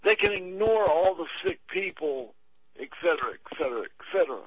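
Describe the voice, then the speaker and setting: A frustrated, earnest man chatting on talk radio, hesitating as he speaks. His voice sits a little high for a man. The recording is dry and somewhat dull. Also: big pitch swings, brisk, breathy edge, no echo.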